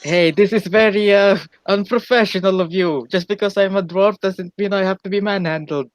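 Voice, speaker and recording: A man's voice: sits high, steady tone, normal speed, dry recording, lightly acted. A man voicing a fussy, indignant male dwarf adventurer who pleads and protests in a tabletop game.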